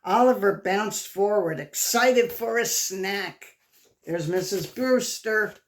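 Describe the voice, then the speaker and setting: A woman's voice: medium pitch, slow. A woman reading a picture book aloud to children, stopping to ask the kids questions. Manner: engaging, asks the kids questions. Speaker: storyteller.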